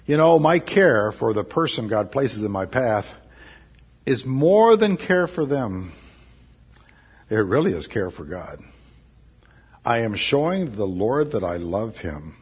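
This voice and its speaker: A man's voice: medium pitch, sing-song, slow, long pauses, breathy edge. A man preaching a sermon, emphatic and repeating his key phrases. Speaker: pastor.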